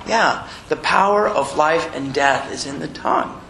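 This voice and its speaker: A man preaching a sermon in a church, animated and chuckling as he acts out little quotes. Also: fairly high pitch, unhurried, vocal fry. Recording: echoey room with faint noise.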